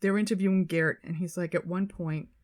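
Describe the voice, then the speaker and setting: Female podcast co-host, casual storyteller, animated, salty language. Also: lowish voice, fairly quick. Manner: animated retelling, swearing, quoting people in their voices.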